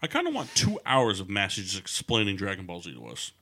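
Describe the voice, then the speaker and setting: A man's voice: lowish voice, huge pitch swings, quick pace, sharp tone. A man hosting a podcast in casual chat, crude and joking, steering the talk between his co-hosts. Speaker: podcast host. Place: studio.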